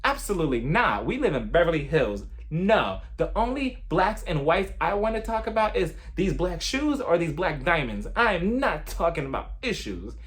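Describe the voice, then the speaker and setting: A man's voice: fairly high pitch, big pitch swings, normal speed, hardly any pauses, a bit bright. A man mimicking an indignant, theatrical rich woman who is huffy and flustered. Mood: outraged.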